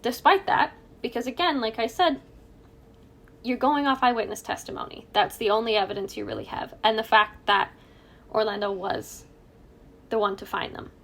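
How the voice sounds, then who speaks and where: A woman's voice: a little high, normal speed, creaky, fairly bright tone. A woman co-hosting a true crime podcast, chatting casually, joking and laughing at her own asides. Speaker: podcast co-host.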